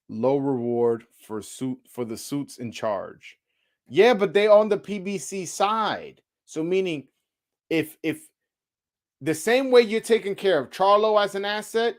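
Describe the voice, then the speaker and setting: A man hosting his own show, giving a casual, profane opinion rant with rhetorical questions and many repeats. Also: a little high. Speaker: boxing commentator, show host.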